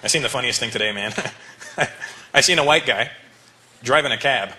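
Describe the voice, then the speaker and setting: A man's voice: medium pitch, moderate pace, very noisy. A male stand-up comedian speaking to a live audience in a teasing, conversational way. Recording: live show with loud crowd laughter.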